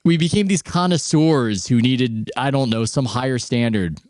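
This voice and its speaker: A man's voice: mid-range voice, normal speed, darkish tone, dry recording, studio quality. A man hosting a podcast, talking sports in a rambling, conversational way. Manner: rambling, conversational, self-interrupting. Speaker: podcast host. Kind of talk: casual sports chat.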